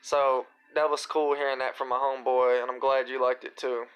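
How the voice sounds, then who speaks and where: A man's voice: medium pitch, fairly quick, smooth, highs cut off. A young man hosting a live Q&A, talking casually and with slang about his own raps. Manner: relaxed, slangy, reciting his own rap lines. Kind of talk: casual livestream chat.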